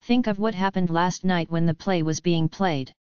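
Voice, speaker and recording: A woman's voice: on the low side, moderate pace, a little mellow, clean tone, no echo, close to an everyday voice. Woman reading as an ailing old emperor. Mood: weary. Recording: slightly dull lo-fi audio.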